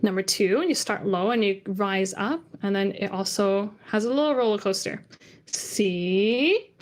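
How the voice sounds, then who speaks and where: A woman leads an online language lesson from her computer mic, talking in a loose, chatty way. She sings single syllables high and low to show each tone, then drops back into casual explaining. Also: normal speed. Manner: chatty, demonstrates tones by singing them out. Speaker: Cantonese teacher.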